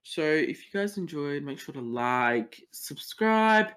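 A teenage boy hosting a solo podcast, ranting with lots of swearing and quick tangents. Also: on the high side, animated, a bit bright. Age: teens. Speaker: podcast host.

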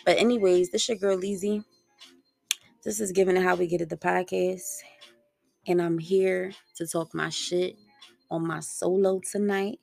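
A woman's voice: fairly low pitch, steady tone, unhurried, vocal fry, a little mellow, faint music behind. A young woman hosting her own podcast solo, talking in a casual, slangy, rambling way and swearing freely. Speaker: podcast host.

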